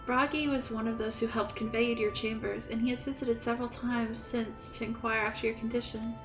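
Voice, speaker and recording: A woman's voice: fairly high pitch, flat delivery, fairly quick, over music, natural voice. A woman reading out a polite, formal fantasy city attendant's lines from a game, in courteous tones. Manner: formal, courteous read-aloud. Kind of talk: reading game dialogue aloud.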